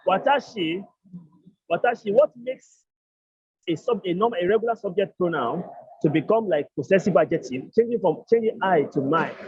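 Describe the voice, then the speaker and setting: A man teaching an online language class, explaining step by step and repeating each phrase slowly. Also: high-pitched, darkish tone, breathy edge, no echo, dull audio.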